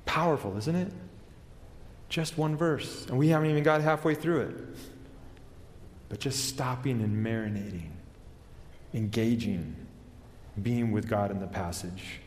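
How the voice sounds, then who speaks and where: A man preaching in an earnest way, his voice carried by the long reverb of a church sanctuary. He often slows and falls to a near hush on the words he wants to stress. His pitch sits at an ordinary middle level for a man. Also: slight background noise. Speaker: pastor. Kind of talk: sermon.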